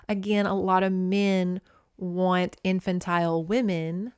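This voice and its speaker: A woman's voice: lowish voice, little pitch movement, slow, smooth, no echo, studio quality. A young adult woman hosting a podcast, recapping a book in a candid, opinionated way and swearing freely. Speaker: podcast host.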